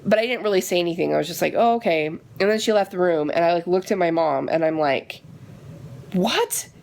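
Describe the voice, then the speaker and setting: A woman vlogging casually and retelling her day in a chatty, animated way, with a frustrated edge. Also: fairly low pitch, fast, vocal fry. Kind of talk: casual vlog chat.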